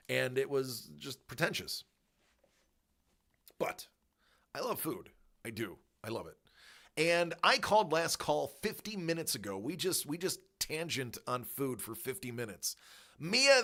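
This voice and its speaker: A man with a bright, forceful voice talks casually to his livestream audience. He rambles from one tangent to the next, filling the gaps with "uh" and quick laughs. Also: medium pitch. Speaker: livestream host.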